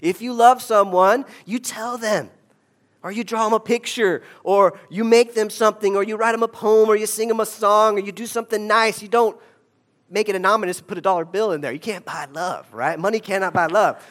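A man quoting a gentle, forgiving schoolteacher. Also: high-pitched, a little fast. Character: kind older male fourth grade teacher.

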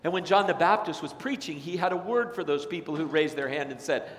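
A man preaching a sermon as pastor, dramatic, acting out quoted voices and swinging between loud and soft. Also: on the high side, brisk. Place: church sanctuary. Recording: echoey hall with long reverb.

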